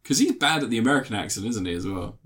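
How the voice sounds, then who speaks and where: A man's voice: lowish voice, very fast. A man in casual film chat with a friend, jokey and swearing freely. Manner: animated, jokey, swears freely, breaks into laughter.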